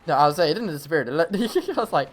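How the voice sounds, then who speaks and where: A man commentating his own live gameplay stream, talking to himself and the game with quick reactions. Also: on the high side, lively intonation.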